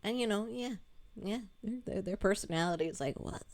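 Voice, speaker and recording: A woman's voice: medium pitch, fairly quick, darkish tone. A woman streamer chatting casually to her chat about her game, rambling, laughing often and swearing casually.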